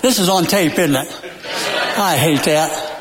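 A male pastor delivers a sermon in a high voice, taking his time and leaning on repeated phrases with long dramatic pauses. He slips in folksy jokes between points. The sound rings with the long reverb of a church sanctuary. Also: crowd noise. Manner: folksy and joking.

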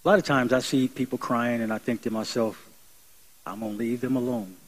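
A man's voice: medium pitch, brisk, low-quality recording. A young adult man preaching a sermon in an earnest, conversational way, building emphasis as he goes. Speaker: pastor.

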